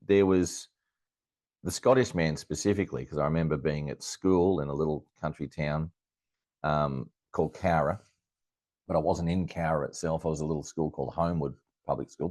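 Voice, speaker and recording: A middle-aged Australian man with a low, deep voice recounts a childhood story as an interview guest. He talks in a lively, anecdotal way, chuckling and circling back with fillers and restarts. The recording is dry and close, with no room sound. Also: no echo. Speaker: astrologer guest.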